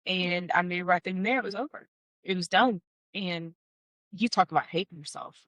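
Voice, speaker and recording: A woman tells her life story in an interview, candid and heartfelt, slipping in wry asides. Her voice is bright and clear. The recording is close and dry, with no room sound. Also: fairly low pitch, normal speed, no room sound, low-quality recording. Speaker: guest sharing a personal testimony. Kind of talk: emotional personal storytelling.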